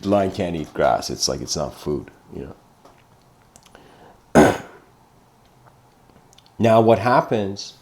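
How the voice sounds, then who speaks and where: Male lecturer with a very low voice who rambles through a parable and clears his throat often. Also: sing-song, slow pace, long pauses. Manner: meandering storytelling, frequent throat clearing. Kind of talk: livestreamed philosophical lecture.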